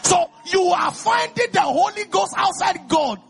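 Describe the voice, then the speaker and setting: A Nigerian man from Ekiti preaching an exuberant sermon, calling out to the congregation and often shouting. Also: very high-pitched, animated, a little slow, gravelly, soft background music. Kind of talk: lively sermon.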